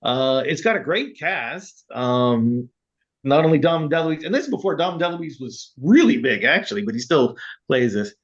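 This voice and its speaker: A man's voice: very animated, normal speed. A man co-hosting a casual film podcast, rambling with many fillers and laughing as he retells scenes. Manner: rambling, laughs often, acts out quotes in a high voice. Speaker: podcast co-host. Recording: dull lo-fi sound.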